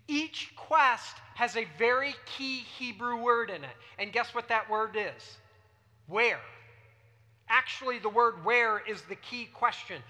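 A preacher with a bright, forceful voice teaches a sermon and keeps putting questions to the listeners. The voice carries a long reverb, as from a large hall. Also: medium pitch. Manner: teaching, asks the audience questions.

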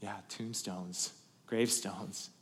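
A man preaching a sermon to a congregation, telling the story with animated build-ups that swing from loud emphatic passages to quiet asides. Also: on the low side, takes it slowly, big-room sound, a little hiss or hum. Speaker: pastor.

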